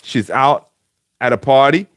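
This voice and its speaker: A man's voice: medium pitch, unhurried, a bit bright, clear, resonant tone, no room sound, clean studio sound. A man hosting a casual fan live stream from home, chatting with viewers by name and using lots of fillers and restarts. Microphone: home streaming setup with webcam.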